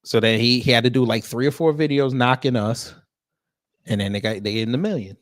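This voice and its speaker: A man at an ordinary middle pitch, talking through a casual commentary chat. He is blunt and mocking, uses a lot of slang and some swearing, and keeps turning to address the audience directly. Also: fairly quick. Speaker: host.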